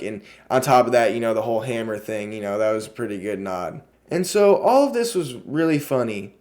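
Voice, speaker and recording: A young man in a casual review vlog, excitable and rambling, who swears freely and gushes in spurts. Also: medium pitch. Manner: lots of fillers and restarts in a gushing delivery.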